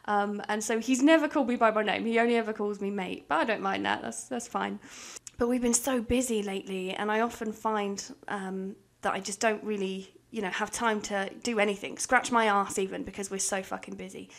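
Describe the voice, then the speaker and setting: A woman's voice: medium pitch, fairly even intonation, brisk, creaky. A young English woman chatting casually and rambling as she vlogs over a game build, swearing and laughing now and then. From England. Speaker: gaming vlogger.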